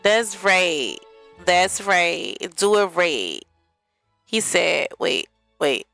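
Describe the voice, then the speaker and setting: A woman's voice: lowish voice, sing-song, extremely slow, gravelly, fairly bright tone, no room sound, faint music behind, poor audio. A young woman giving casual gameplay commentary in a life-sim game, chatty and talking straight to her viewers. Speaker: gaming vlogger.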